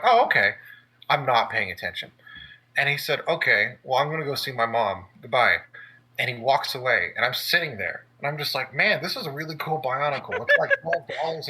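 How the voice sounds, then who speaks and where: Animated, husky-voiced man telling stories. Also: mid-range voice, rough recording. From Texas. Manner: animated, acting out quotes, swearing. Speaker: podcast co-host. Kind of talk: casual storytelling.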